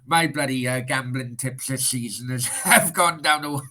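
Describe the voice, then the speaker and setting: A man's voice: mid-range voice, normal speed, pushed and bright. A man from Cardiff hosting a casual football interview, friendly and encouraging, with frequent "uh" fillers. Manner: friendly, affirming, uses fillers. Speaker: host.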